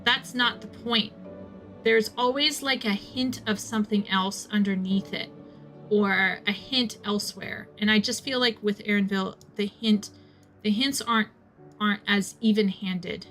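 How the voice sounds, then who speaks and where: Young woman, casual streamer chat, bright tense voice, rambling, self-correcting, faint music behind. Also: medium pitch, unhurried. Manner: rambling, self-interrupting, animated storyteller. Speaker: streamer playing a game.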